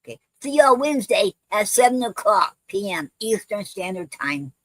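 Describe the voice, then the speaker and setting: A woman signs off her poetry livestream in a halting, looping way, full of ums and restarts. She talks fondly to her viewers in a middle-pitched voice. The sound is dry and close. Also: big pitch swings, dry recording, low-quality recording. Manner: affectionate toward viewers, calls them fam. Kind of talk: casual livestream sign-off.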